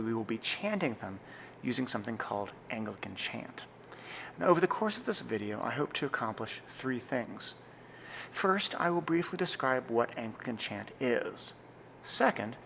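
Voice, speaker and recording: A young man explains church singing in a measured, earnest teaching voice. His mid-range tone carries a gravelly edge of vocal fry. A faint hiss of noise sits under the recording. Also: mid-range voice, fairly bright tone. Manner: measured, earnest, reads slowly and deliberately in demonstrations. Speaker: church music director. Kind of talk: scripted instructional talk.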